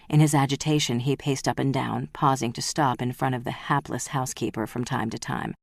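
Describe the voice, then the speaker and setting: Audiobook narrator, female, measured delivery; strikingly deep voice, dry recording. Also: steady tone, darkish tone, no room sound.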